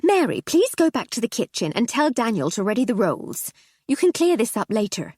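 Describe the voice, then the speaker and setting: A woman voicing a domineering, gaudy upper-class wife in her fifties with a shrill, sharp way of talking. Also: big pitch swings, a little fast, breathy edge, no echo, studio quality. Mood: gushing.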